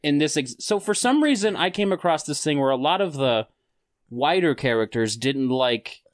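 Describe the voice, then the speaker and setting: A man's voice: fairly high pitch, animated, normal speed, no room sound, clean studio sound. A man, telling a game story in casual podcast chat and acting out other players' lines. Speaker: podcast host.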